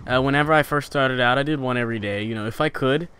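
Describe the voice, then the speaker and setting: A young man hosting a gaming channel, talking casually through tips, rambling with fillers and restarts, his pitch rising and falling for emphasis. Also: fast, pushed and bright, a little hiss or hum. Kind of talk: casual instructional vlog talk.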